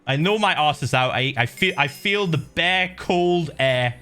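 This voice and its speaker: Lively man streaming. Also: a little high, a little slow, smooth, soft background music. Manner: animated, laughing, swearing, with many fillers. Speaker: livestream host. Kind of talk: casual storytelling chat.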